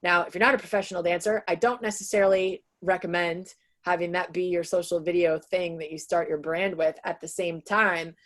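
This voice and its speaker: Woman trainer in her 30s, slightly low voice, chatty webinar delivery heard over a video call, lots of ums and likes. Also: steady tone, a little fast, few pauses, a bit bright. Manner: chatty, with many "um" and "like" fillers. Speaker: sales trainer presenting to real estate agents. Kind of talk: casual webinar presentation.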